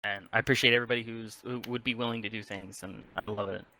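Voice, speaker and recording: A man's voice: lowish voice, fairly even intonation, fast, bright, forceful tone, low-quality recording. A man leading an online community meeting in a casual, rambling way, full of restarts and fillers, over a voice chat mic. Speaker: community leader running a meeting. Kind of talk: casual online town hall talk.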